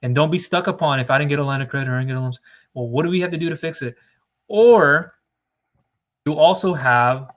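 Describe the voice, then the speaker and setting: A man's voice: mid-range voice, a bit bright. A man giving emphatic, lecturing advice straight to camera on business funding, stretching words out for stress. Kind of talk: direct-to-camera advice monologue.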